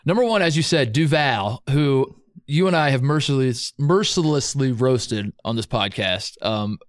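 A man's voice: mid-range voice, animated, measured pace, no room sound, studio quality. Playful storytelling man co-host. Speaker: podcast co-host. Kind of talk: casual sports chat.

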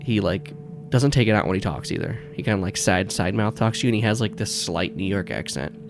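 A man's voice: on the low side, brisk, gravelly, music in the background. A man narrating a tabletop game as game master, rambling with many fillers and restarts.

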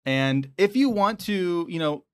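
A man co-hosting a casual podcast, talking in a relaxed, laid-back way. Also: high-pitched, unhurried, clean tone. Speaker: podcast co-host. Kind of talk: casual chat.

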